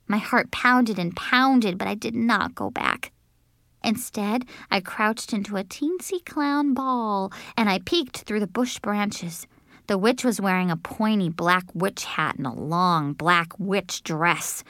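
A woman narrating a children's book in an expressive, childlike first-person voice, with sudden high shouts. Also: a little slow, dry recording, studio quality. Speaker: audiobook narrator. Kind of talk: audiobook reading of a children's book.

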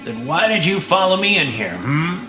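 A man's voice: on the high side, big pitch swings, normal speed, echoey room, pitched above the performer's own voice. A man voicing a weary, tipsy male scientist who talks in a sardonic, grumbling way. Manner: sardonic, groaning, boozy. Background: music.

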